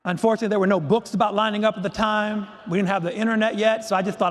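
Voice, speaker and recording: A man giving a keynote talk, telling a humorous story with animated comic timing. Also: high voice, racing, slight background noise. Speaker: keynote speaker. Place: conference hall stage. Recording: echoey hall.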